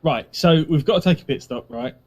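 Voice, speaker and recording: A man with a slightly husky voice chats while he races. He sounds offhand and likes to tease the others over a gaming mic. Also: on the high side, brisk. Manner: teasing, offhand. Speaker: racer and co-commentator. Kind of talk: casual chat while racing. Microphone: gaming mic on a voice call.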